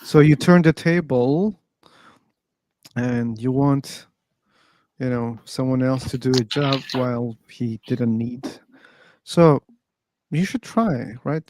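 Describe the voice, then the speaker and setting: A man with a mid-range, slightly mellow voice speaks unhurriedly. He hosts a casual debate in an online voice chat room, patiently explaining his points and steering the talk back on topic.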